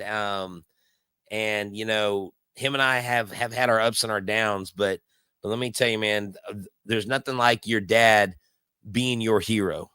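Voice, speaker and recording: A man's voice: lowish voice, sharp tone, smooth, no room sound. A man hosting a casual live baseball watch-along, telling stories in a rambling way full of fillers and restarts. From Houston area. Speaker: live stream host.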